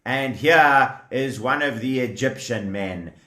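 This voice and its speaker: A man narrating a children's story in an animated way, asking the young listeners questions. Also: mid-range voice, slow pace. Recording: echoey room.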